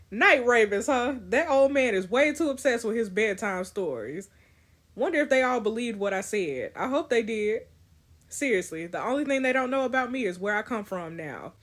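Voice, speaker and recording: A woman's voice: mid-range voice, lively intonation, normal speed. A woman reading an interactive story game aloud with playful, slangy commentary.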